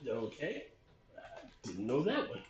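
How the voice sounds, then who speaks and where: A man's voice: medium pitch, huge pitch swings, measured pace, soft background music. A man, a podcast host, joking casually with friends while playing a game, often stammering and restarting his sentences. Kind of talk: casual banter while gaming. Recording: roomy, muffled sound with faint noise.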